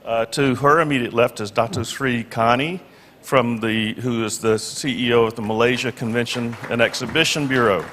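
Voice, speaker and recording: Halting man moderating in a reverberant hall. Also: mid-range voice, fairly even intonation, a bit bright. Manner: halting, with many fillers and restarts. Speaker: panel moderator. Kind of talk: moderating a conference panel. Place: large conference hall. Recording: echoey conference hall PA.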